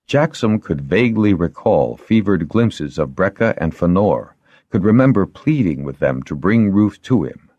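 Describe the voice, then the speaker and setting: A man narrating an audiobook in a scripted, expressive storytelling manner. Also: sits low, no echo, dull audio.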